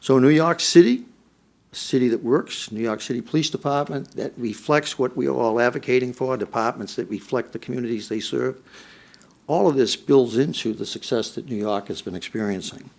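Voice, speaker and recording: Middle-aged former police chief at a policy forum, emphatic speaker, mid-range voice, repeats lines for force. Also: male voice, medium pitch, brisk, gravelly, darkish tone. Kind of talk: prepared public speech.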